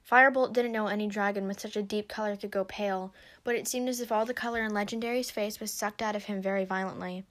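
A woman narrating a story aloud in a steady storybook reading. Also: medium pitch, fast talker.

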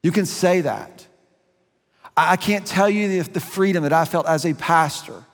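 A middle-aged man preaching a sermon as a pastor, earnest and conversational, slowing down and speeding up for emphasis. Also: a little high, in a large hall. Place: church sanctuary.

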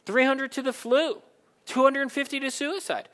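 A man preaching a sermon, animated and conversational, acting out the people in the story in quick asides. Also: very high-pitched, big-room sound. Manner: animated, acts out Bible characters in quick asides. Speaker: pastor.

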